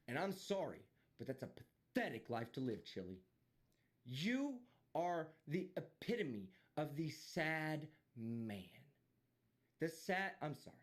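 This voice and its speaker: A man streaming live, delivering a heated, profane and mocking rant. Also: fairly high pitch. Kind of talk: ranting live stream commentary.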